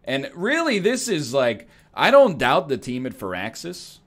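A man's voice: a little high, huge pitch swings, a little slow. A man joking and thinking aloud as he plays a strategy game, giving casual gameplay commentary. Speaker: gaming streamer.

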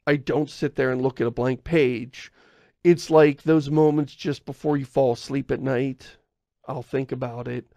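A man with a gravelly, fry-edged voice chats loosely as a podcast co-host. He rambles, doubles back to fix himself and chuckles between thoughts. The sound is close and dry. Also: mid-range voice, steady tone, a little slow, mellow, no echo. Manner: rambling, self-correcting, chuckles often. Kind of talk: casual podcast chat.

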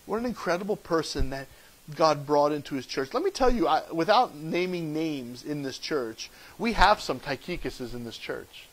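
A man preaching a sermon as pastor, emphatic and repeating key phrases, swinging between loud and soft. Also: fairly high pitch, lively intonation, normal speed, poor audio.

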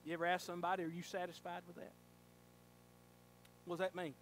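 A male pastor preaching a sermon in a church, telling a folksy story and rising to fervent shouting. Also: high-pitched, completely flat delivery, quick pace, a little hiss or hum. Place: church sanctuary.

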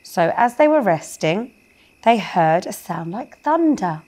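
Woman reading a kids bedtime story real slow, gentle, keeps asking the little ones questions. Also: medium pitch, sing-song.

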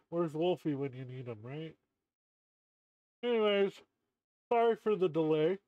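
In relaxed live-stream chat over a game, a man with a slightly high, animated voice speaks at a measured pace, his words stuffy and muffled by a costume mask. He cracks jokes, chuckles frequently and swears a lot, and the dull, muffled lo-fi recording has no room sound.

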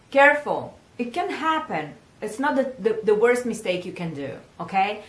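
A woman from Italy with an Italian accent, a singing teacher giving a pronunciation lesson and repeating words slowly for the learner to echo. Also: fairly high pitch, big pitch swings.

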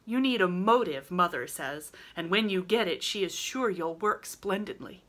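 A woman's voice: on the low side, animated, normal speed, a bit bright. Woman voicing a bold, spirited teenage girl. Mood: eager. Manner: eager, adventurous.

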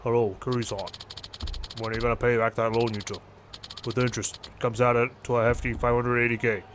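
A man putting on a deep, menacing yakuza loan shark who growls his threats down the phone. The voice drops well below his own and stays heavy and intimidating, like a video game heavy. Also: flat delivery, a little fast, background noise, lightly acted. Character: gruff male loan shark thug on the phone.

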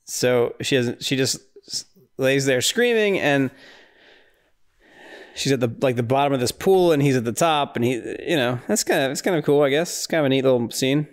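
A man with a smooth, clear voice at a middling pitch talks through a film in a loose, casual recap. He rambles and restarts, turns incredulous at the plot, and breaks into laughter. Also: lively intonation, moderate pace. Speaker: podcast host.

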